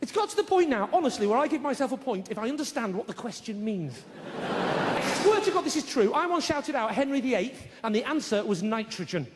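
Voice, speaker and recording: A man's voice: extremely high pitch, sing-song, fairly quick. A middle-aged man doing stand-up comedy, chatty and forever tossing in tag questions like "right?". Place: theatre stage before an audience. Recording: long hall reverb, faint noise.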